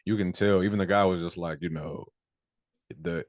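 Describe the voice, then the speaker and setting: A man's voice: low-pitched, steady tone, normal speed, no room sound. A man co-hosting a casual TV review podcast, arguing his points emphatically with profane slang. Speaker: podcast co-host.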